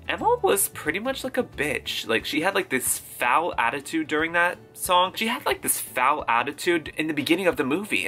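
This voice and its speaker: A man's voice: fairly high pitch, bright, forceful tone. A man giving a casual movie reaction on his vlog, gushing, campy and freely swearing. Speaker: video blogger. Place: at home.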